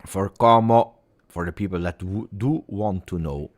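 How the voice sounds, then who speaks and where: A man hosting a live football watch-along, talking through the match and going from low muttering to excited shouting. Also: measured pace. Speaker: host.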